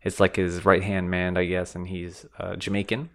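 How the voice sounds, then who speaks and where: A man hosting a podcast, recapping a film in relaxed, wry casual chat with lots of fillers. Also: low-pitched, moderate pace. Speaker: podcast host.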